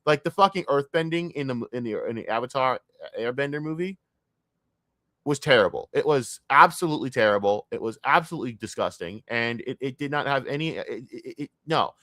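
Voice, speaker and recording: A man ranting in a casual, profane stream rant, jumping from loud outbursts to low grumbling. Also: fairly quick, no room sound, clean studio sound. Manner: profane, excitable, swings between loud outbursts and mutters.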